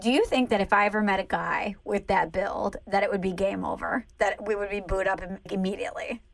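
A woman co-hosting a podcast, chatting casually and teasing her co-host in an animated way. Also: mid-range voice, a little fast, gravelly, rough recording. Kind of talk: casual chat. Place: Saint Louis.

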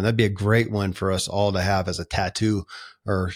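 A man with a low voice hosts a casual podcast interview. He responds appreciatively to his guest. He repeats a line slowly to let it land. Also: steady tone. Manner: warm, appreciative, repeats a quote for emphasis. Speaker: podcast host.

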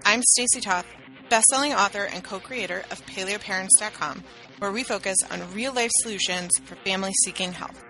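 A woman's voice: medium pitch, a little fast, bright, forceful tone, soft background music. A woman in her thirties co-hosting a podcast, chatting casually, going off on tangents and laughing often. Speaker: podcast co-host. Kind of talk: casual chat.

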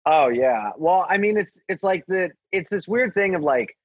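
A man, a stand-up comedian, telling a story in casual chat and acting out the quotes in a higher voice. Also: normal speed, no echo, highs cut off. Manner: animated, acts out quotes in a higher voice.

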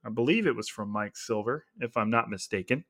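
Male podcast host from California, relaxed and rambling, laughs easily, mid-range voice. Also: medium pitch, brisk. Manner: chatty, laughing, heavy on filler words. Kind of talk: casual sports podcast chat.

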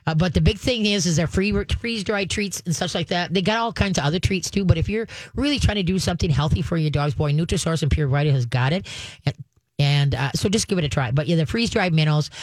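A woman's voice: lowish voice, quick pace, no echo. A woman hosting a call-in show as a dog trainer, chatty and folksy, acting out firm commands. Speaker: dog trainer radio host. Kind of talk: casual call-in advice.

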